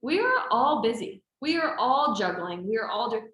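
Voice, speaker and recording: A talkative woman trainer gives encouraging, casual advice with plenty of energy. Her voice is bright and sits a little high. The sound is roomy, with noticeable echo. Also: very animated, normal speed. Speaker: trainer answering team questions. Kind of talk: casual group chat.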